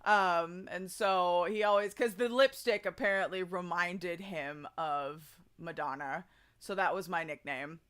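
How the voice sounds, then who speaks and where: Chatty woman streamer, smooth lowish voice. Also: a little slow, a bit bright. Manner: chatty and rambling, with many fillers and restarts. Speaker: streamer hosting a karaoke stream. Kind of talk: casual chat to a live stream audience.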